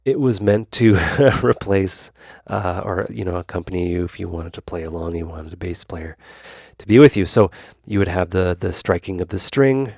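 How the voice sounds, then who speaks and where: A man's voice: low-pitched, brisk, vocal fry, hardly any pauses, darkish tone, dry recording, studio quality. A man hosting his own channel, walking through a synth demo in a loose, rambling way, full of fillers and side remarks. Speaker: YouTube host. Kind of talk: casual synth demo tutorial.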